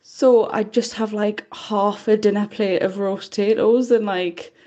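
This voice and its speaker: A woman with a mellow voice leaves a friendly voice message. She tells a short story with easy amusement. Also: medium pitch, fairly even intonation, a little slow, dull audio. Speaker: first-time caller. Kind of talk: recorded voice message.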